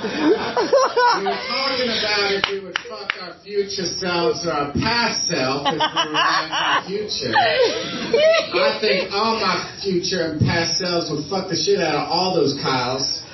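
A man's voice: high-pitched, wildly swooping pitch, unhurried. A man doing crude stand-up comedy with laughing asides at an open mic. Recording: distant echoey lo-fi mic with loud noise.

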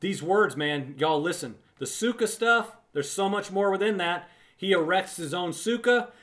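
Guy with a pretty high voice doing a bible teaching, emphatic, repeats stuff, talks to you like a friend. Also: moderate pace, fairly bright tone. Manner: conversational, addresses listener as friend.

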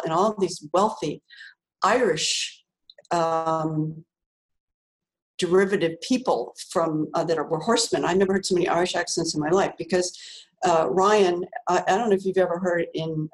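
A middle-aged woman telling a personal story in a relaxed, chatty way, with lots of fillers, restarts and laughs. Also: on the low side, rough recording. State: tearful while remembering. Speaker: author, interview guest. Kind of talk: casual storytelling.

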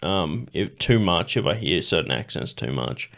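A man's voice: deep voice, sing-song, moderate pace, creaky, a bit bright. A man hosting a podcast, telling stories in casual chat, swearing and laughing often. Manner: swears freely, laughs often, rambling storyteller. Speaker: podcast host.

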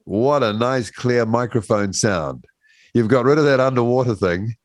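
A man's voice: medium pitch, expressive, moderate pace, dry recording, clean studio sound. A man hosting a breakfast radio show, chatting and joking easily with a guest. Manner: joking, easygoing banter. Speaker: radio host. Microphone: studio microphone.

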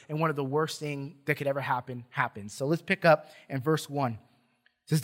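A man preaching in a church, his voice pitched a little high for a man. He talks like he's chatting with the congregation, cracking jokes and stumbling over his restarts as he goes. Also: fairly bright tone. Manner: conversational preaching with humor, stammered restarts. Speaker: pastor. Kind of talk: sermon.

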